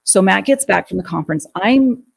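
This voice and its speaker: Middle-aged woman, husky gravelly voice, slow halting delivery, emotional storytelling guest. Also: medium pitch, expressive, poor audio. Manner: halting, with frequent restarts. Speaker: guest recounting a family death.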